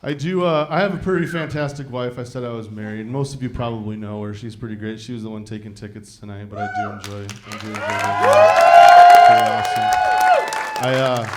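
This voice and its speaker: A young man from Iowa works a live stand-up set, swearing freely and talking in a loose, conversational way. He keeps turning to the crowd to ask if they follow him, and his voice sits in an ordinary middle register. Clear audience laughter rolls in under his lines. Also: mid-range voice, noisy background. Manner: profane, conversational, often asks the crowd "you know what I mean?". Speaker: stand-up comedian.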